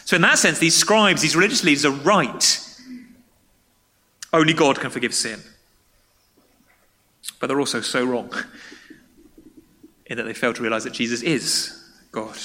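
A man's voice: medium pitch, unhurried, pauses often, sharp tone. A man preaching a sermon in a church, talking in a conversational way and putting questions to the congregation. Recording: long reverb of a large hall.

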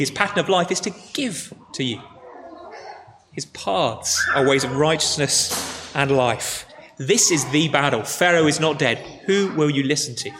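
A man with a fairly high voice preaches earnestly, hammering his points with repeated words. His voice rings through a large, echoey church hall. A faint hum of noise sits underneath. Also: fairly bright tone. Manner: earnest, emphatic repetition. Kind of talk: sermon with closing prayer.

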